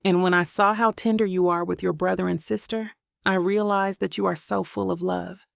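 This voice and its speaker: A woman's voice: fairly low pitch, steady tone, moderate pace, creaky, no room sound, studio quality. Woman voicing a tender, apologetic husband. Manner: soft, sincere, pleading. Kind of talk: audiobook character voice.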